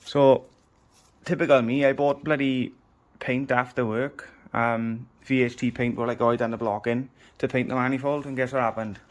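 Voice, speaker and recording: A man's voice: medium pitch, fairly even intonation, moderate pace. A man talking casually through his home car project in a garage, chatty and down-to-earth with the odd swear word. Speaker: home mechanic vlogger. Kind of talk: casual workshop walkthrough.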